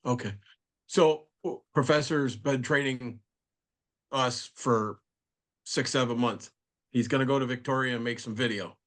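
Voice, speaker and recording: A man's voice: medium pitch, unhurried, long pauses. A man on a video call telling a funny story casually, acting out the people he quotes. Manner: animated storyteller, acts out quoted voices. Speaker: guest.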